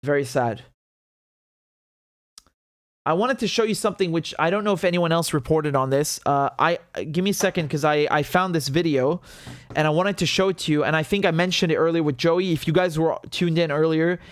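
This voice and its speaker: A man hosting a live political commentary show, sounding heated and sarcastic and swearing freely. His voice sits fairly high for a man. The sound is close and dry, with no room around it. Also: fairly quick, dry recording.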